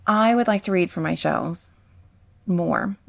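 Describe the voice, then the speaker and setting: A woman's voice: lowish voice, measured pace, creaky. A woman booktuber chatting to camera about her reading goals in a casual, self-mocking and emphatic way, recorded at home on a sensitive condenser mic. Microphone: ASMR-style condenser mic.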